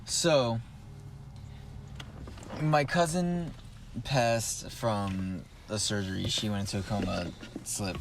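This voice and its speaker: A man's voice: lowish voice, steady tone, takes it slowly, vocal fry, pauses often, slight background noise. Young adult male co-host, loose rambling storyteller, filler-heavy, profane. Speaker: podcast co-host. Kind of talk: casual storytelling among friends.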